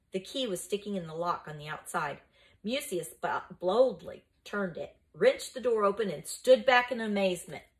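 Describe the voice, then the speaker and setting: A woman's voice: lowish voice, poor audio. A woman reading a children's novel aloud, telling the story steadily and expressively. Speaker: reader of a children's book.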